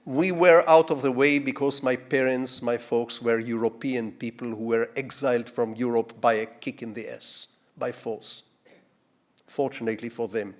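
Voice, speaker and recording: An older man with an Israeli accent delivers a storytelling lecture at a middle pitch. He wanders into digressions and asks the audience rhetorical questions. He moves from hushed asides to big, swelling phrases. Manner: digressive, with rhetorical questions and sweeping dramatic shifts in loudness. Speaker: guest lecturer.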